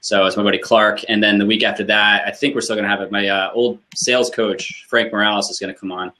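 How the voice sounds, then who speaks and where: A man co-hosting a casual business chat show, rambling with lots of fillers and pauses. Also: fairly low pitch, flat delivery, bright, forceful tone. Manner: laid-back, rambling with many fillers. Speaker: co-host.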